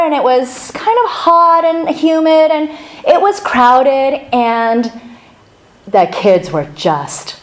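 A middle-aged woman pastor opening a sermon with a chatty, animated personal story, laughing now and then. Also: high voice, rough recording.

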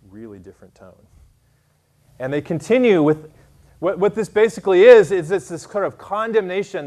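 A pastor delivering a sermon in a relaxed, chatty way, his voice sitting a little high for a man. He leans on fillers and restarts, then lifts and presses harder when he reads scripture aloud. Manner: casual, conversational preaching with many fillers.

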